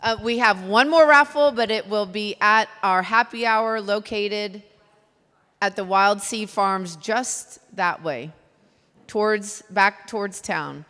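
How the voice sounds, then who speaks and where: A woman's voice: medium pitch, slow, bright, forceful tone. A woman with a Texan accent emceeing a live event, chatty and loose, poking fun at herself. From Texas. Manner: chatty, self-deprecating, loose. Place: event hall. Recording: long hall reverb.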